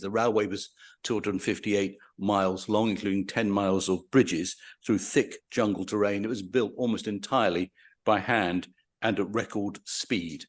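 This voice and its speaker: A man giving a public lecture in a hall, hesitating with fillers and reading testimony aloud with more drama. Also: lowish voice.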